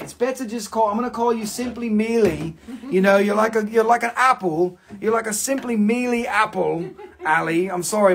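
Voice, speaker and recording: Guy running a live rock sale, jokey and cussing, high gravelly voice. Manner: joking, profane, talks to himself. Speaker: host selling rocks on a live stream. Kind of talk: live-stream sales chat.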